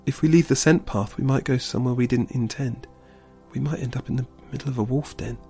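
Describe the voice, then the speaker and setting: A man's voice: medium pitch, fairly quick, creaky, dark tone, faint music behind, natural voice. A man voicing a young male bear, earnest and a little defensive, in a storybook reading. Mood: worried.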